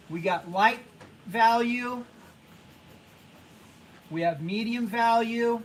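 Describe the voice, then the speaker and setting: A young man teaching a drawing class, talking casually and haltingly, repeating himself and hushing the students. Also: very high-pitched, slight background noise, poor audio. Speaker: art teacher.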